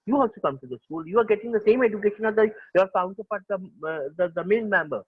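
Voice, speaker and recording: A man with an Indian accent lectures a school class, slipping between English and Hindi and repeating key phrases. His voice sits a little high and sounds husky. The recording is dry and tinny, like a phone line. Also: animated, fast, dry recording. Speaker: school teacher.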